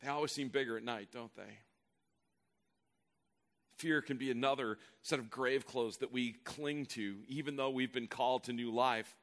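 A man's voice: mid-range voice, steady tone, normal speed, a bit bright. A male pastor preaching a sermon in an earnest, emphatic way, often repeating words as he builds a point.

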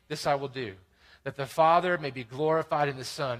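Bright-voiced preaching man. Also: medium pitch, fairly quick. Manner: preaching with rising emphatic peaks and quiet asides. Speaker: pastor. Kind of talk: sermon.

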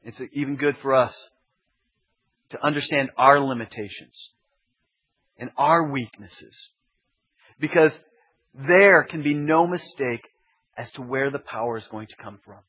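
Husky male pastor preaching emphatically. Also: mid-range voice, unhurried, pauses often. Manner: emphatic, building repetition. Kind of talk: expository sermon. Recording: dull lo-fi sermon recording.

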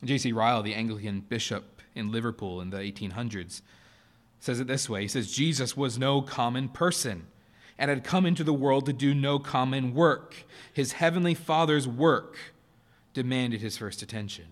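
A man's voice: mid-range voice, normal speed. Earnest male pastor preaching a sermon. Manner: earnest, rising to emphatic stresses then dropping soft. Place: church sanctuary.

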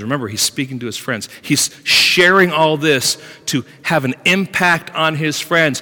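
A man preaching a sermon as pastor, swinging between hushed lines and loud, emphatic ones. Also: a little high, unhurried, hardly any pauses, in a large hall.

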